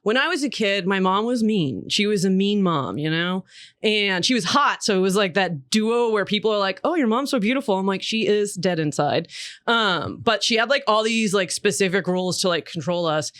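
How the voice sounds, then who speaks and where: A woman is a podcast guest, spilling stories in a casual, animated way that is full of swearing. Her voice sits in the middle of her range. It is recorded dry and close on a studio mic. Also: medium pitch, no echo. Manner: fast, profane, animated storytelling. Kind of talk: casual storytelling chat.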